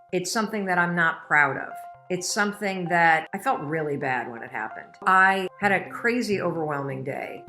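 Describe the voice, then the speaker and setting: Middle-aged woman motivational speaker, deep register, candid emotional delivery. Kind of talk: motivational talk.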